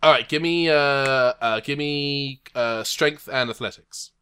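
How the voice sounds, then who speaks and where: A man's voice: mid-range voice, bright, forceful tone, a little hiss or hum. Hesitant man running a tabletop game. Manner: rambling, hesitant, quick to laugh. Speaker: game master. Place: home, recorded remotely.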